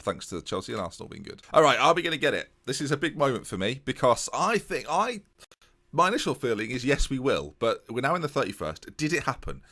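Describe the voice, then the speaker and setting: A man's voice: medium pitch, quick pace. Chatty man narrating his game. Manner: chatty, animated, self-mocking. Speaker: gaming YouTuber. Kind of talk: casual game commentary.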